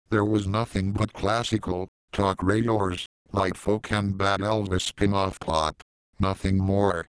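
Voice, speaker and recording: A man reading a first-person story aloud in a deadpan, profane manner on a close mic. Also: low voice, smooth, no echo, low-quality recording.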